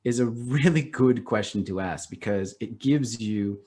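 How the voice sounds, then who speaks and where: A middle-aged man talking as a podcast guest in casual conversation, animated and loose, leaning on "like" and acting out little quoted reactions. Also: on the low side, a little slow. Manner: animated, acts out quoted reactions, heavy use of "like".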